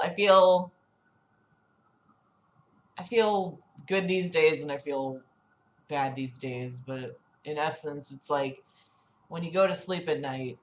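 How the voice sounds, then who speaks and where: A woman's voice: deep voice, echoey room. Giggly young woman chatting on a livestream. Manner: giggly, rambling, lots of "like". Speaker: livestream host. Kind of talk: casual livestream chat. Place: apartment in a big city.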